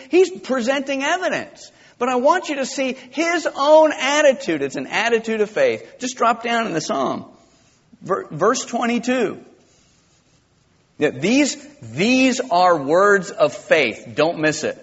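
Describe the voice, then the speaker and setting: A male pastor preaching a sermon, impassioned and swinging from quiet to loud. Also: extremely high pitch, big pitch swings, slow, slightly rough. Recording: dull lo-fi with long church reverb.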